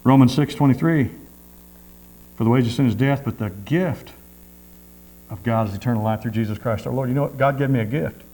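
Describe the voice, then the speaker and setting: A man's voice: medium pitch, fairly quick, long pauses, mellow, rough recording. A man preaching a sermon in a folksy, repetitive way, with frequent amens.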